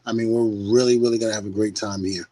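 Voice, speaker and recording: A man's voice: fairly low pitch, steady tone, quick pace, dark tone, dry recording, poor audio. A middle-aged man on a podcast, talking casually and animatedly, laughing and mimicking people as he tells stories. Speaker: podcast guest.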